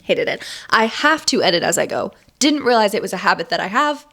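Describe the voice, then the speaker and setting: A woman's voice: medium pitch, big pitch swings, fast talker, bright, forceful tone, slight background noise. A young woman talking candidly to camera in a casual vlog about her writing, with chatty, dramatic emphasis. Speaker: writer and vlogger.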